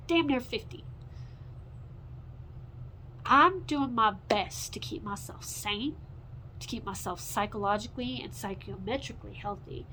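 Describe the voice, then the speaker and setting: A woman in her forties ranting in an unscripted, profane monologue, rambling and swinging between loud outbursts and low mutters. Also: slight background noise, poor audio. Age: 40s.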